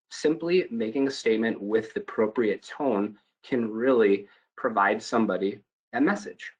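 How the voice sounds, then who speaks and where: A man leads a call center training session in a slightly husky voice. He talks with animation, shifting his tone and volume to show what he means. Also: medium pitch, normal speed, highs cut off. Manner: animated, demonstrates tones, varies volume. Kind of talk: training presentation.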